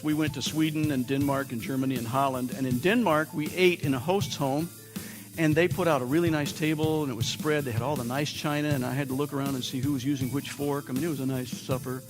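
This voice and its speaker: In a church sanctuary, an American man with a slightly high voice and a big-room sound preaches a sermon as pastor. He tells humorous stories and puts on playful voices when quoting people.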